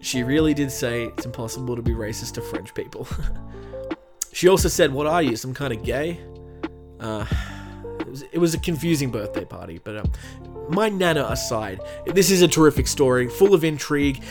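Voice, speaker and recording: A young man hosting a comedic true crime podcast, talking in a joking, self-deprecating way with animated asides. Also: medium pitch, fairly quick, over music. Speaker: podcast host.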